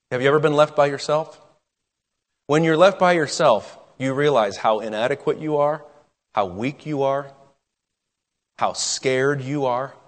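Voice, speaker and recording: A man preaching a sermon in an earnest way, slowing down and dropping to a near hush on key words. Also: medium pitch, big-room sound. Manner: earnest, with dramatic pauses and drops to a hush.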